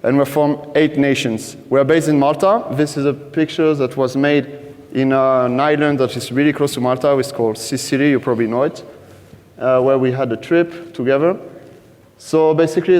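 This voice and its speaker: A man with a French accent giving a conference presentation, halting and full of fillers and restarts. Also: mid-range voice, fairly even intonation, darkish tone. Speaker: conference speaker. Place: conference stage. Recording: large hall reverb.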